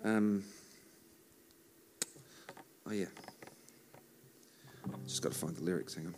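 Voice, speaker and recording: A man with a somewhat low voice talks casually from the stage between worship songs. He tells stories in a joking, self-mocking way and keeps the banter loose. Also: fairly even intonation, takes it slowly, noisy background. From Australia. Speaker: worship musician and songwriter. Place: church service.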